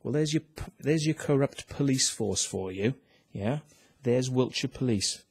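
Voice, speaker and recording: Husky British man ranting angrily. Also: mid-range voice, expressive, unhurried, a little mellow. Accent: British English. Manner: profane, heated, mocking. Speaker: complainant reading a complaint ruling. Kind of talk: angry vlog rant.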